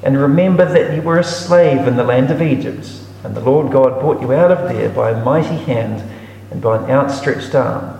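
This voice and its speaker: Gravelly man teaching scripture, echoey room. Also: mid-range voice, moderate pace, warm tone, slight background noise. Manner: reads scripture aloud then explains it, reflective. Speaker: Bible teacher. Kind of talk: Bible reading and commentary. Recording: echoey room with long reverb.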